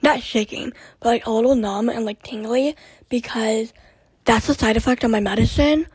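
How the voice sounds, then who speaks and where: A young woman hosting her own podcast in a rambling, chatty way full of fillers, her voice hoarse and short of breath. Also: fairly high pitch, moderate pace, a little mellow, dry recording, rough recording. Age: young adult. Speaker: podcast host. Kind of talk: casual solo podcast chat.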